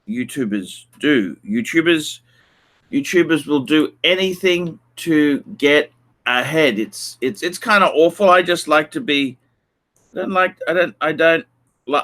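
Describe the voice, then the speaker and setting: A man's voice: a little high, pushed and bright. A middle-aged man hosting a casual livestream chat, rambling and repeating his phrases with lots of fillers. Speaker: livestream host.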